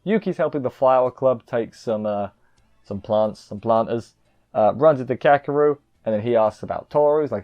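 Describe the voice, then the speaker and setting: A man's voice: mid-range voice, moderate pace, dull audio. A man giving a casual, rambling episode recap as an anime reviewer, joking and poking fun at himself. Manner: rambling, self-deprecating, jokey asides.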